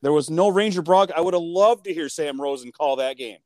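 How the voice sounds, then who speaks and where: Excitable New man chatting hockey. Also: on the high side, fairly quick, no echo. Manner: excitable, acts out his own reactions with lots of fillers. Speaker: sports podcast co-host. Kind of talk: casual chat.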